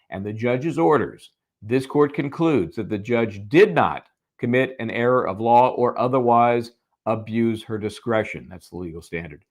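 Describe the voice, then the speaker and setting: A man co-hosting a live legal show, reading a court ruling aloud with wry joking asides. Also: mid-range voice. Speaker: co-host of a legal commentary show. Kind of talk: live legal analysis chat.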